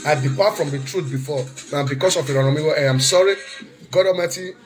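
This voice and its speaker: A man in an emotional monologue, switching between shouting, pleading apologies and snatches of song, with Pidgin mixed in. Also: a little high, fast. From Nigeria. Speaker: social media commentator. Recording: faint music behind.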